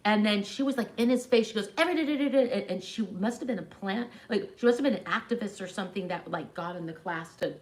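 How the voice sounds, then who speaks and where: A woman's voice: mid-range voice, quick pace, few pauses. Woman rambling thru a story on a livestream, lots of "like". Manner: rambling storyteller, many "like" fillers. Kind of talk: casual livestream chat.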